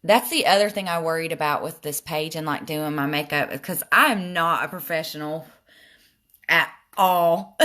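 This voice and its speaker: A woman's voice: medium pitch, a bit bright. An older woman with a Southern accent chats casually while demonstrating her eye makeup and answering viewers' comments. She often makes fun of herself. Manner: chatty, self-deprecating, reads comments aloud. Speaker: makeup live streamer. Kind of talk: casual makeup tutorial live stream.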